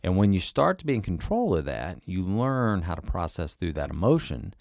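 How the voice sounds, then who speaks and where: A man's voice: low-pitched, very animated, moderate pace, a little mellow, no room sound, clean studio sound. A middle-aged man working as a coach for men, talking in a conversational way and often checking in with "right?" and "okay?". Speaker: men's coach. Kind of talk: coaching talk to camera.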